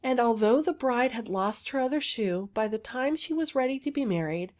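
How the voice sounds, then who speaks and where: Higher-voiced woman reading a fairy tale. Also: expressive, normal speed, a little mellow. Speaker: storybook narrator.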